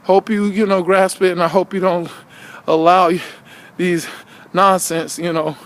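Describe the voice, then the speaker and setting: High-voiced man preaching casually. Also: level tone, unhurried. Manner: rambling, repeats himself, leans on "you know what I'm saying"; asks rhetorical questions. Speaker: vlogger preaching to viewers.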